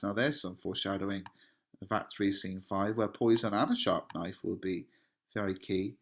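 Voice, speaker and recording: A man's voice: deep voice, fairly even intonation, fairly quick, vocal fry, a bit bright. A male English teacher talking through a play in a revision lesson, paraphrasing in a casual, conversational way with fillers.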